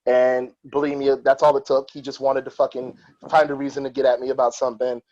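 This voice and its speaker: A man hosting a podcast who tells personal stories in a candid, profane and animated way. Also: mid-range voice, quick pace, highs cut off. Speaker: podcast host. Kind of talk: casual podcast storytelling.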